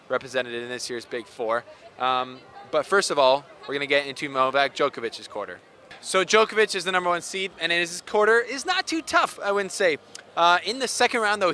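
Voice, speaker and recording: A man's voice: a little high, sharp tone, smooth. A man hosting a tennis show, chatting casually and joking as he walks around outdoors. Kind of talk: casual vlog chat.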